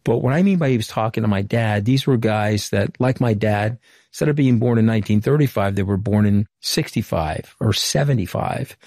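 A man's voice: on the low side, normal speed, darkish tone, no room sound, clean studio sound. A middle-aged man from Long Island, New York, giving an earnest, anecdotal account in an interview as a former communications director. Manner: earnest, anecdotal, retells conversations at length. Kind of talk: candid interview storytelling.

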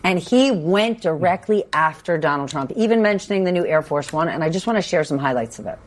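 A woman with a slightly low voice hosts a political panel. She sets up each topic in a measured way and turns it over to her guests with questions. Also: animated. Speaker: host. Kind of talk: cable news panel discussion.

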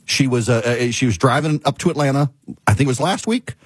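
Here a talk show host tells a story as an exasperated, offhand monologue, circling back to repeat points for emphasis. He speaks quickly and animatedly at a medium pitch, breathy at the edges, with no room sound.

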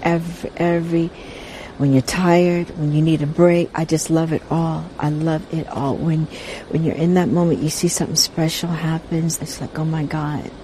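A middle-aged woman answers interview questions in a soft, mellow, low-set voice. She talks haltingly and circles back on her words. A faint ambient hiss sits under the recording. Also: steady tone, low-quality recording. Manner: soft, halting, repeats words while searching for them. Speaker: interview guest, veteran entertainer. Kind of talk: casual interview conversation.

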